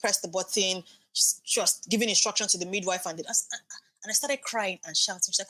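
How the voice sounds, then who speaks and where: A woman's voice: mid-range voice, brisk, dry recording. A woman in her thirties, a podcast guest, telling an emotional birth story and acting out the dialogue. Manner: animated, acts out quoted dialogue.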